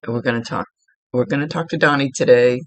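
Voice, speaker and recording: A woman's voice: a bass voice, fairly quick, dry recording, rough recording. A woman psychic medium giving a rambling spirit reading. She sometimes half-whispers and corrects herself as she goes. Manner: rambling, self-correcting, laughs at own slips.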